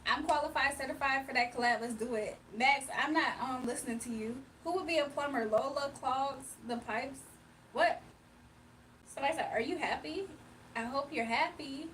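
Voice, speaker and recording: A livestream host from Virginia, USA, chats casually, laughs often, and reads viewer comments aloud. Her voice is high and a bit bright at a moderate pace, picked up by a distant mic with a little hiss or hum.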